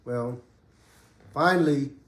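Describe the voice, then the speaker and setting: A man's voice: medium pitch, takes it slowly. Man telling a prison story, echoey room. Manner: street slang, loose and conversational. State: coughing, getting over a cough. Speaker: podcast host and ex-prisoner. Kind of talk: casual storytelling.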